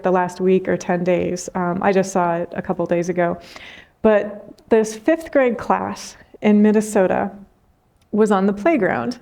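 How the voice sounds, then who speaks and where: A woman spiritual teacher giving a reflective talk after meditation, telling a story gently with frequent soft laughter and unhurried phrasing. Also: mid-range voice.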